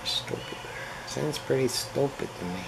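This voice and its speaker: A man's voice: medium pitch, animated, a little slow, gravelly. A man, a pool instructor, talking in a casual, rambling vlog with wry, self-mocking asides. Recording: air-conditioner hum behind.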